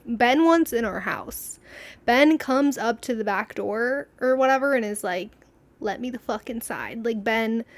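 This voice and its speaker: On her podcast, a young woman with a slightly high voice tells stories in a chatty, rambling way, often laughing and acting out others' quotes. The recording has no echo.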